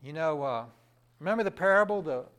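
Fervent preacher man, high and lively. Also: brisk. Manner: fervent, rising to loud emphatic peaks then dropping low; asks the crowd questions and answers himself. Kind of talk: sermon.

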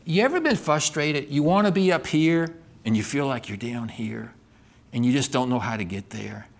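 A middle-aged pastor with a gravelly, mid-range voice preaches a sermon at normal speed. He reads scripture aloud expressively, voices God's lines, and puts questions to the congregation.

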